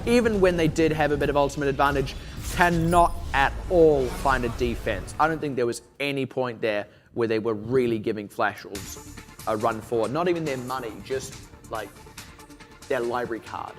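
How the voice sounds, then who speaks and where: A man casting a live esports match, playful and teasing, quick to argue a point. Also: medium pitch, soft background music. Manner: playful, teasing, argumentative banter. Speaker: esports caster.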